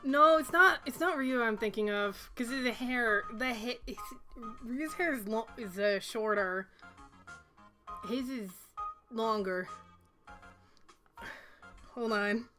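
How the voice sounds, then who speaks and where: A chatty woman with a somewhat high voice laughs her way through a live game stream. She talks casually over quiet game music. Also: slow, pauses often. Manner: giggly, chatty.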